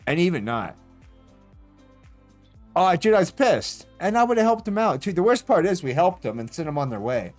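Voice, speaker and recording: A man's voice: high voice, moderate pace, long pauses, faint music behind. Profane rambling male streamer. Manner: profane, rambling, animated retelling with laughs. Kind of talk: casual storytelling while streaming.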